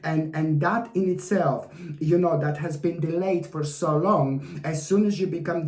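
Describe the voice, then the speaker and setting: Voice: medium pitch, a little mellow. A tarot reader giving a weekly horoscope reading to camera, effusive and repetitive, fondly addressing the viewer again and again. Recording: roomy echo.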